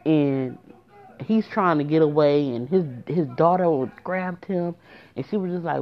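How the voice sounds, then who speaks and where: A woman's voice: sits low, normal speed. A woman telling a personal story in a casual, emotional way, speaking directly to her listeners. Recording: muffled lo-fi recording.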